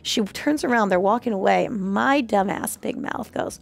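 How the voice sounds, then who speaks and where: A woman's voice: medium pitch, normal speed, vocal fry, dry recording. A woman, co-hosting and telling a long story with lots of laughter and acted-out voices. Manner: acts out voices, frequent laughter. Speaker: co-host. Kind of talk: animated storytelling.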